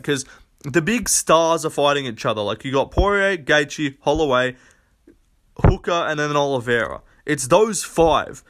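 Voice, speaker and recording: A man's voice: mid-range voice, a bit bright. A young man talking casually on his own channel, giving blunt, profane, rambling predictions full of fillers and restarts. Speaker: MMA commentator. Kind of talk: casual solo prediction rant.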